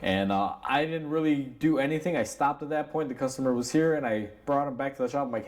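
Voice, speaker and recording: A man's voice: mid-range voice, fast talker, few pauses. A man in an ordinary middle register tells a story from his auto shop to camera in a loose, conversational way. He fills his sentences with "you know" and "like". He keeps the tone candid and plainspoken, and when he quotes the customer and himself he stays in his own natural voice. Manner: candid, conversational, acts out both sides of a dialogue; many fillers like "you know" and "like". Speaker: auto mechanic, shop owner.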